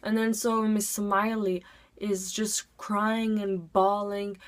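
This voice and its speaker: A teenage girl chats through a storytime at a casual, even pitch, leaning on "like" between her phrases. She sounds like she is talking straight into a camera from home. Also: takes it slowly. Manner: chatty, heavy use of "like". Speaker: vlogger.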